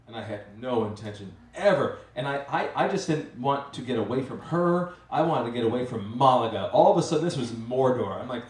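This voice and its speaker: A man's voice: mid-range voice, expressive, fast talker, hardly any pauses, a little hiss or hum. Rambling male storyteller in a roomy hall. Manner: rambling and self-mocking, with many restarts. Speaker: master of ceremonies telling a story. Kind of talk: live storytelling on stage. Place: live event venue with an audience. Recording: roomy, distant mic, faint ambience.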